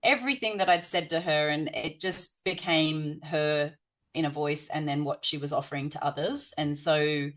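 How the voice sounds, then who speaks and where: A woman with an Australian accent shares stories from her family life. Her voice sits a little low, and she talks in a loose, rambling way, full of "um" and "you know". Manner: warm storytelling with frequent fillers. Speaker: podcast guest, parenting instructor. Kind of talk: conversational storytelling.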